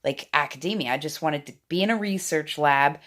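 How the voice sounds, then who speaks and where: A woman in her forties talking to her phone camera in a rambling, excitable way, swinging from loud outbursts to hushed asides. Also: low-pitched, fairly quick. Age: 40s. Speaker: vlogger. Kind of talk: casual talking-head monologue.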